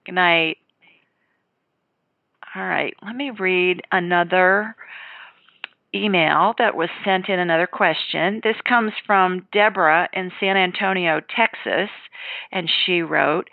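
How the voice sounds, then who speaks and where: Gravelly-voiced woman hosting a radio psychic show. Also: on the low side, measured pace, dry recording. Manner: confident, emphatic, conversational. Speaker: psychic call-in show host. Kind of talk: radio call-in readings. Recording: tinny phone-like radio sound.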